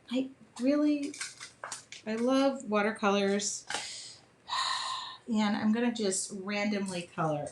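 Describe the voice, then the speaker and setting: Woman, middle-aged, fairly high voice, chatty, laughs a lot, live craft demo host. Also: slight background noise. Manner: chatty, laughs often, talks while working. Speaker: art journaling host.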